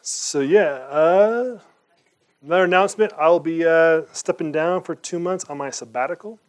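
A man's voice: fairly high pitch, moderate pace. A man preaching as a pastor, earnest and conversational, asking rhetorical questions and praying fervently. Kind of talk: sermon and closing prayer.

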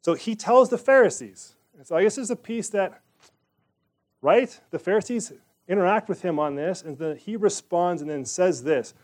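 A man's voice: sits high, normal speed, a little mellow. A man leading a Bible study, reading scripture aloud and talking it through in a conversational way, with asides and questions to the group.

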